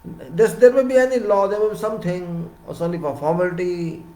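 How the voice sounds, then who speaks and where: A man with an Indian English accent giving a lecture-style talk on civil engineering, emphatic and repeating words, his voice rising loud and dropping soft. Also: high-pitched, fairly quick, reverberant, poor audio.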